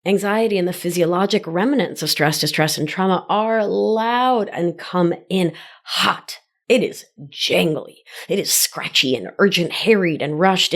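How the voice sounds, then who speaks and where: A woman hosting a solo wellness podcast, teaching in a gentle sing-song and a slow, deliberate way. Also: lowish voice. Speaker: podcast host and life coach.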